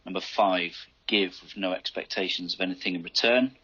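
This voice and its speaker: A man's voice: deep voice, fairly even intonation, brisk, bright, forceful tone, husky, muffled recording. A man hosting a podcast interview, encouraging and summing up what his guest says. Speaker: podcast host.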